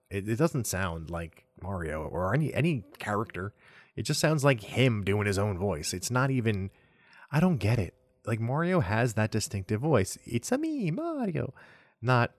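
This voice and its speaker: A young adult man hosting a solo gaming news podcast. He talks in a relaxed, chatty way, often trailing off and restarting, and chuckles at himself. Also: on the low side, no echo. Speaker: podcast host.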